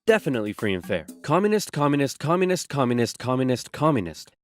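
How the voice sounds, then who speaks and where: A man narrating comedic animated history and doing all the character voices himself, with quick, silly switches between them. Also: mid-range voice, faint music behind.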